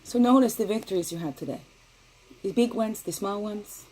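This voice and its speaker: A middle-aged woman giving a casual daily spiritual card reading, talking in a gentle, meandering way and often asking "right?". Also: mid-range voice, moderate pace, low-quality recording.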